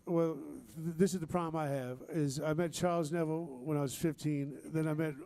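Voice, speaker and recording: High-voiced New man telling stories. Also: fairly even intonation, a little fast. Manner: rambling, warm-hearted, with restarts and Southern slang. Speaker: band member. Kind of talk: heartfelt live storytelling. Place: live music venue.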